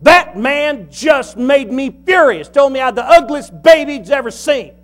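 A man's voice: very high-pitched, expressive, fast, a bit bright, voice pushed up. A man telling a joke, voicing an offended mother on a city bus in an indignant tone.

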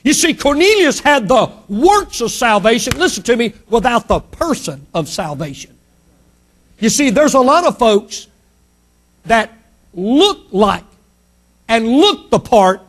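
A male pastor delivering a Sunday sermon to his church, emphatic, dropping soft and then rising loud. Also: very high voice, very animated, unhurried.

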